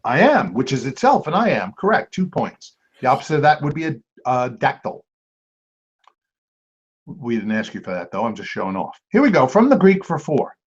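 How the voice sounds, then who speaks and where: A man hosting a trivia quiz, reading clues aloud and repeating each one slowly. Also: mid-range voice, big pitch swings, slightly rough. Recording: dull lo-fi amateur recording.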